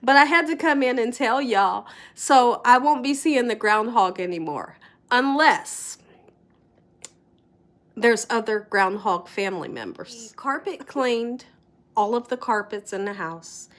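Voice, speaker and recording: Her voice a little high and her pace a little slow, a middle-aged woman vlogging from home tells her viewers an animated story, with frequent laughter and moments of whispering.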